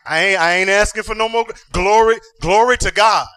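A man preaching a sermon as pastor, calling out to the congregation and rising into sing-song shouted climaxes. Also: sits high, a little fast, clear, resonant tone.

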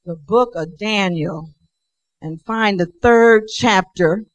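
A woman's voice: mid-range voice, dry recording, rough recording. A woman preaching and praying in a sermon, emphatic and repetitive, with call-and-response. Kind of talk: sermon and prayer.

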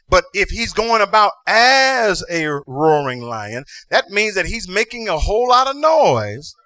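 A man preaching a sermon as pastor, calling out to the congregation and rising into sing-song shouted climaxes. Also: sits high, no room sound.

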